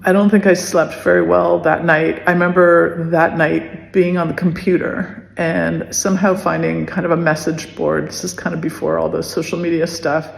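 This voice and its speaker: A woman in her fifties recalling a painful memory in a soft, emotional way, halting with many restarts and pauses. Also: on the low side, vocal fry. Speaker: podcast host telling her story. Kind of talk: personal recollection. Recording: echoey room with long reverb.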